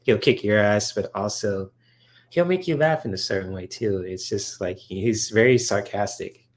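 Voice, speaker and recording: A man speaks at normal speed in a voice on the low side. He's hosting a casual livestream and answering chat questions, going off on enthusiastic, filler-filled tangents about comics.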